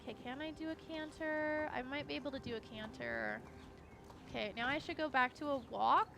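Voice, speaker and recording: A young woman streaming a game, chatting casually and giggling while she thinks out loud. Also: high-pitched, a little fast, creaky, music in the background. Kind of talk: casual gameplay commentary.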